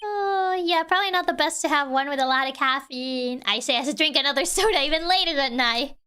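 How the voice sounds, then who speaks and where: A woman's voice: high-pitched, expressive, moderate pace, few pauses, sharp tone. A woman streaming a game, chatting playfully with her viewers and laughing often. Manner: giggly, playful, chats with viewers. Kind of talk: casual chat while playing a game.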